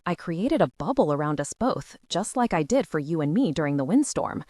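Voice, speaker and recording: A woman with a lowish voice narrates a first-person audiobook, her pitch rising and falling with feeling. The sound is close and very dry, with no room around it. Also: sing-song, a little fast, dark tone, dry recording.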